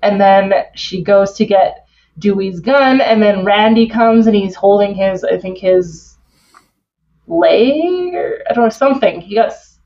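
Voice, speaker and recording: Woman from Canada, casual podcast guest, rambling scene retelling, medium pitch, slightly dull lo-fi sound. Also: lively intonation, a little slow, warm tone. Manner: retells scenes step by step, many "like" and "um" fillers. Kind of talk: casual film chat.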